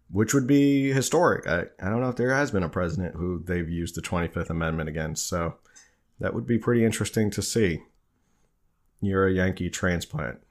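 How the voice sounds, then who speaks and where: A man from New Jersey hosting a live stream, answering viewer questions in a loose, conversational way with frequent fillers and restarts. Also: low voice. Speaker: livestream host.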